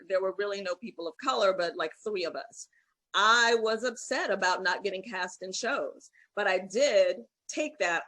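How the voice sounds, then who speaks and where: Bright-voiced, opinionated woman. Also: medium pitch, poor audio. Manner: opinionated, direct. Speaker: panel guest. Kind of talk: candid conversation.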